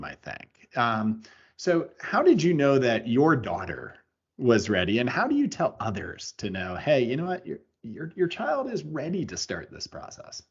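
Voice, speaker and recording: Expressive male podcast host. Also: medium pitch. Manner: earnest, wordy, restarts his questions. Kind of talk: interview questions. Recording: dull lo-fi audio.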